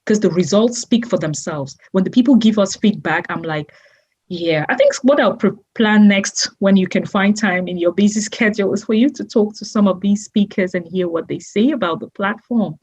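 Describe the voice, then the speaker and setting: A woman's voice: medium pitch, moderate pace, darkish tone, slightly rough, dull audio. A woman guest in an interview, speaking effusively and emotionally, often laughing and repeating her images. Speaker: guest, entrepreneur.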